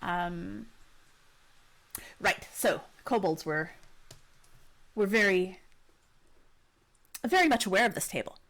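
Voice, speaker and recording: A woman's voice: medium pitch, animated, takes it slowly, pauses often, fairly bright tone. A woman narrating as game master in a casual, rambling way. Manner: casual, rambling with restarts and fillers.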